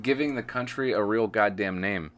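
A man's voice: fairly low pitch, normal speed. A young man co-hosting a podcast in casual, jokey chat. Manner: animated, bright, jokey. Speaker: podcast co-host.

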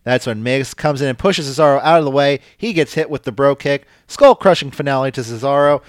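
A man co-hosting a casual podcast, recapping matches in an animated, swearing way. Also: medium pitch, fairly quick, no room sound, studio quality. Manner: animated, swearing, puts on mocking voices. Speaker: podcast co-host recapping wrestling. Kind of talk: casual chat.

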